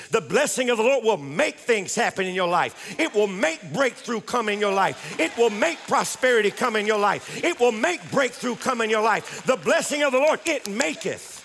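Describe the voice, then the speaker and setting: Preaching fervently in a large hall, a pastor speaks with a high, fairly bright voice. He repeats phrases and calls on the congregation to respond, in a call-and-response style.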